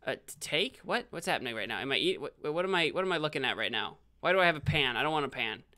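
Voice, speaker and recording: Young man, game streamer, rambling, excitable outbursts, bright clear voice. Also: on the high side, fast talker. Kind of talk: live game stream commentary.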